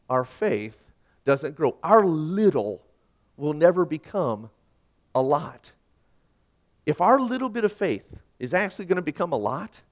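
Lively high-voiced preacher man. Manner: conversational, self-deprecating storytelling with rhetorical questions. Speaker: pastor. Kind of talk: sermon.

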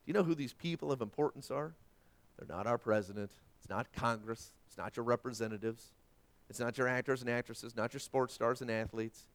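A male pastor preaching a sermon, quoting scripture and swinging from forceful emphasis to hushed tones. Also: medium pitch, brisk.

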